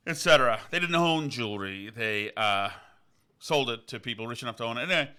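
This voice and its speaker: A man's voice: mid-range voice, bright, forceful tone, smooth. A man from Vermont hosting a podcast, talking in a casual, digressive way with frequent restarts and fillers. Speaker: podcast host. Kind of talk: casual rambling monologue. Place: on location, indoors.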